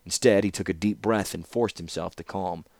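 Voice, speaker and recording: A man narrating a fantasy novel in measured audiobook style. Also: low voice, a little mellow, dry recording. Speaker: fan audiobook reader.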